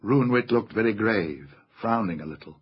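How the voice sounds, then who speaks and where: Male audiobook narrator, lively theatrical reading, slightly muffled sound, faint music beneath. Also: fairly low pitch, moderate pace, slightly rough. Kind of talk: scripted storybook narration.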